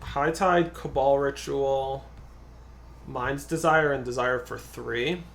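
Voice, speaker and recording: Man, guest co-player, casual game commentary, rambling, mid pitch. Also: fairly even intonation, slow pace, creaky, fairly bright tone. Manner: rambling, thinking aloud.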